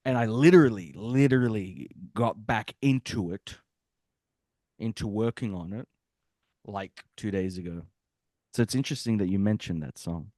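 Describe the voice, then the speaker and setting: A man's voice: on the low side, moderate pace, darkish tone, no room sound, clean studio sound. A young man from Australia and Bosnia, with a mixed Australian and Bosnian accent, chatting as a guest musician and rambling, often checking that he makes sense. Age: young adult. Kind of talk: casual interview chat.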